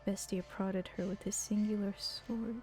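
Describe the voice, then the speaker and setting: Giggly female streamer, slow and mellow. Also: mid-range voice, level tone, soft background music. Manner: giggly, self-mocking asides. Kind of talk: voice-acting stream commentary.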